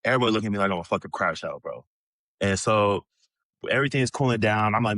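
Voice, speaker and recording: Brief: low-pitched man in his 30s, loose swearing storyteller, dry close sound. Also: fast, dry recording. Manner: profane, animated storyteller, many "bro" and "like" fillers. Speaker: podcast guest, former pro basketball player. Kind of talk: casual storytelling.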